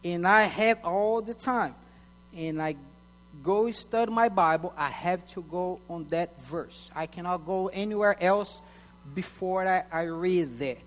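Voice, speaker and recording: High-voiced preacher, non-native English. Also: male voice. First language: not English. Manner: halting, many restarts and fillers; reads scripture slowly and loudly. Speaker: pastor. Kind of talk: sermon. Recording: long hall reverb with mains hum.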